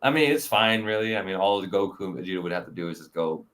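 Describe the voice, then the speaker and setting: A man's voice: sits low, expressive, quick pace, fairly bright tone. A man hosting a casual review chat, rambling with lots of fillers and frequent laughs. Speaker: podcast host.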